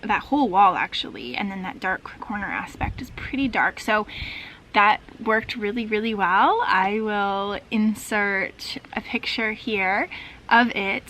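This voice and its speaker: A young adult woman chatting casually in a vlog, bubbly and chatty, laughing often and sometimes dropping to a soft near-whisper. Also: mid-range voice, measured pace, slight background noise, rough recording. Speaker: vlogger.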